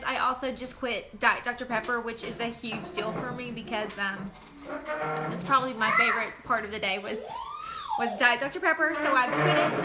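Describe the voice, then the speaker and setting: A bubbly, chatty woman, hosting a casual live stream from home and greeting viewers by name. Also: sits high. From Texas.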